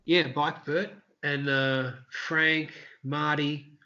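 Brief: male busker guest, lively anecdote-teller, slightly high voice, muffled lo-fi recording. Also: drawn-out words. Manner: animated storyteller, acts out quotes in high shouts. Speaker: interview guest, street performer. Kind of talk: casual storytelling interview.

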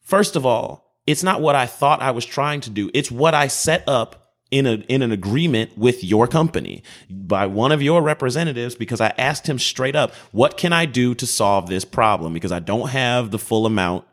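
A man's voice: medium pitch, normal speed. A man co-hosting a podcast, telling a long, heated, profane story about a phone call and acting out both sides of it. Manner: profane, exasperated storytelling with acted-out quotes. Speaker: podcast co-host. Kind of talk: heated comedic rant.

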